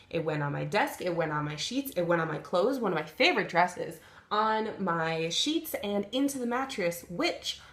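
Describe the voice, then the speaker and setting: A young woman tells a comic story on her vlog in an animated, exasperated rant. Her voice sits at an ordinary pitch for a woman. The recording carries a noticeable roomy echo. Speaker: vlogger.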